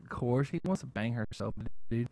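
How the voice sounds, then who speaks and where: A man's voice: mid-range voice, expressive, normal speed, vocal fry, a little mellow, no room sound, clean studio sound. A man hosting a casual talk show who rambles and keeps adding "okay?" as he talks. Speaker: show host. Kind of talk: casual chat.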